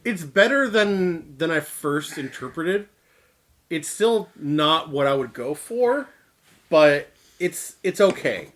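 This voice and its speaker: A man from Canada co-hosting a casual beer review, jokey and animated, with exaggerated reactions to what he tastes. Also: a little high, slow. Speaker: co-host of a beer review show. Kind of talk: casual chat.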